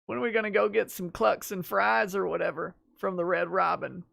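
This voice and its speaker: Man putting on a crude boastful old ex-president, low, quiet, rambling, dry sound. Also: fairly even intonation, a little fast, gravelly, dry recording, heavily acted. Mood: joking. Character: crude folksy older male ex-president, boastful.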